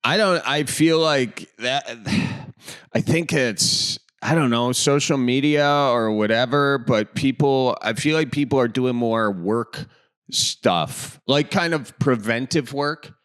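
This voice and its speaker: A man's voice: mid-range voice, slow pace, a bit bright, clean tone. A man hosting a podcast in easygoing casual chat, laughing along and asking loose questions. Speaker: podcast host.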